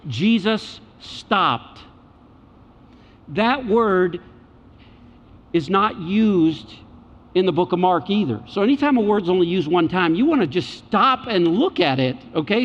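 High-voiced preacher in an echoing hall. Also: male voice. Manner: emphatic, repeats key phrases, swings between loud and hushed. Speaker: pastor. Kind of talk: sermon. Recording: dull sound with long hall reverb.

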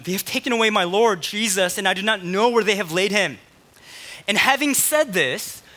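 A man preaching a sermon on stage, excited and a little out of breath, with quick asides to the congregation. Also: very high voice. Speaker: pastor. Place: church stage.

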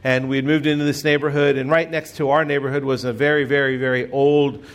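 A man's voice: medium pitch, little pitch movement, fast. A middle-aged man preaching a sermon as pastor, telling stories in a conversational way with self-deprecating humor.

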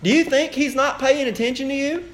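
A man preaching a sermon as pastor, with animated rhetorical questions. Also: very high-pitched, fairly quick.

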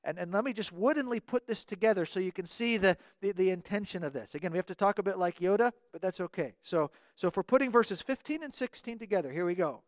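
A man's voice: sits high, lively intonation, fast talker, few pauses, no room sound, studio quality. A man preaching a sermon in an earnest way, often doubling his words as he restarts a thought.

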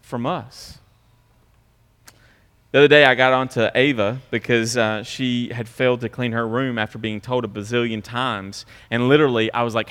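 A middle-aged man preaching a sermon in a church, dropping to quiet asides and rising to loud mocking impressions. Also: mid-range voice, steady tone, normal speed, clean tone. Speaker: pastor. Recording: long hall reverb.

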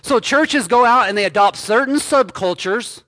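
A male pastor preaching a sermon slowly and emphatically, repeating key phrases. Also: very high voice, expressive, pushed and bright, no room sound, clean studio sound.

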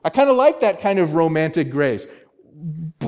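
Lively, emphatic male preacher. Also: a little high, measured pace. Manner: emphatic, repeats key words, rhetorical questions. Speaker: pastor. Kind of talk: expository sermon.

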